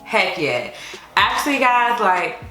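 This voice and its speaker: A woman's voice: mid-range voice, slow pace. Chatty young woman in an echoey room. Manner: chatty and expressive, with many fillers. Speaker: vlogger telling her labor story. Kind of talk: casual storytime chat. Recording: echoey room with faint music.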